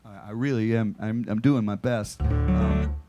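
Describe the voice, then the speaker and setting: Laid-back singer chatting on stage. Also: male voice, on the low side, steady tone, a little slow, muffled recording. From United States. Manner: dry, self-deprecating storyteller. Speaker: singer-songwriter performing live. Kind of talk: casual stage banter between songs. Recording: live performance with guitar behind. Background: guitar music.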